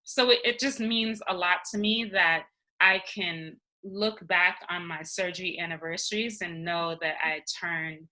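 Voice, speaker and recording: A woman speaking as the guest in an interview, talking earnestly and personally about her own experience with frequent pauses and ums. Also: lowish voice, fairly even intonation, bright, forceful tone, rough recording. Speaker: interview guest, nonprofit founder. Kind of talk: candid conversational interview.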